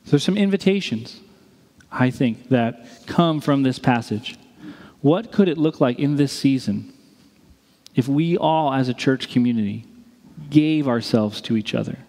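Animated preacher in a reverberant hall. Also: male voice, mid-range voice, a little slow. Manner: animated, joking asides and acted-out quotes. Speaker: pastor. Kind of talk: sermon. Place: church sanctuary. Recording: long reverb of a large church hall.

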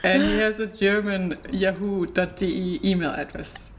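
A woman's voice: mid-range voice, fairly even intonation, moderate pace, a little hiss or hum. A woman entrepreneur chatting candidly as a guest in an interview, often laughing as she talks. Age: adult, married. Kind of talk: casual interview chat.

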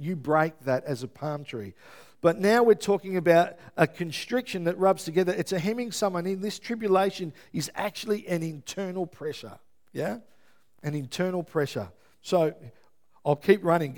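A man preaching a sermon as pastor, lively and often checking in with his listeners. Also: high-pitched. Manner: lively, keeps checking in with the congregation.

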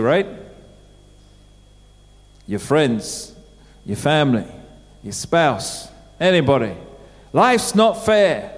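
A middle-aged man preaching a sermon in church, talking in a conversational way and putting questions to the congregation. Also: fairly high pitch. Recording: church hall with long reverb.

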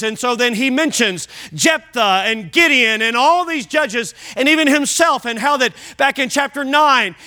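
A man's voice: extremely high pitch, sharp tone. A man preaching a sermon to a church congregation, emphatic and repetitive, putting questions directly to his listeners. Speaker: pastor. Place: church sanctuary.

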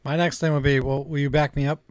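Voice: mid-range voice, level tone, fast. A co-host adding brief, dry interjections in a casual chat.

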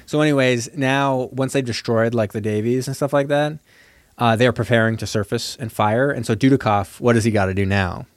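A man in casual podcast chat, retelling a film plot in a loose, rambling way full of fillers. His voice sits at a middle pitch and the recording is close and dry, with no room sound. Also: a little fast, dry recording. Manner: laid-back, rambling, heavy on fillers. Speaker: podcast co-host.

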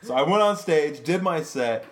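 A man's voice: fairly high pitch, normal speed. Profane storytelling comedian man. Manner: animated, profane, acts out quotes in his story. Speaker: podcast co-host, comedian. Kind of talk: casual storytelling chat.

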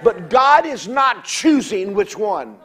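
A man preaches a fiery revival sermon in a drawl, his high voice swooping up and down as he tells stories and shouts. He laughs and calls on the crowd for amens. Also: very animated, slow.

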